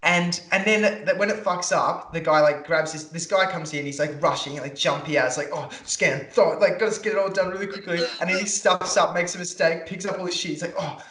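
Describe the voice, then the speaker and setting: A man's voice: high voice, steady tone, a little fast, few pauses, sharp tone, echoey room. A young man, co-hosting a casual podcast and ranting, swearing freely. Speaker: podcast co-host. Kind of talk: casual chat.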